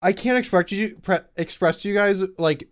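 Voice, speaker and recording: A man's voice: sits high, moderate pace, smooth. A man hosting a casual podcast chat in an easygoing way, laughing between phrases. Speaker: podcast host.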